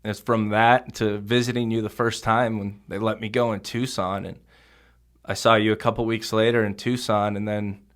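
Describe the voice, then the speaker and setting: Young man, low voice, full of fillers. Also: level tone, a bit bright. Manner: halting, heavy with fillers like "you know" and "bro". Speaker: podcast guest. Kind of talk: conversational podcast interview.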